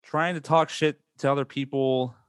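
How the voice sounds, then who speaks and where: A man chatting casually about online gaming as podcast host, animated and swinging up in pitch when he rants. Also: moderate pace, clear, resonant tone, dry recording, studio quality.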